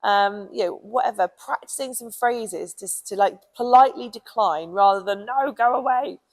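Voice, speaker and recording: Gravelly British woman talking dogs. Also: medium pitch, normal speed, poor audio. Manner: chatty, with frequent ums and you knows. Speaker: dog trainer. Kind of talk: casual advice talk.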